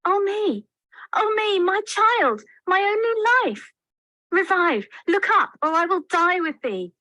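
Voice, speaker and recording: A man doing a shrill, frantic noble mother. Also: very animated, slow pace, sharp tone, no room sound, exaggerated voice. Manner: crying out in alarm. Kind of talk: dramatic reading of a play.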